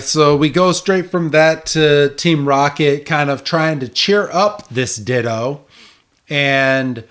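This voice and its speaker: A man co-hosting a podcast, recapping a cartoon with lots of swearing and bursts of laughter. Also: mid-range voice. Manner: animated, swears a lot, breaks into laughter. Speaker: podcast co-host. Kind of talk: casual episode recap chat.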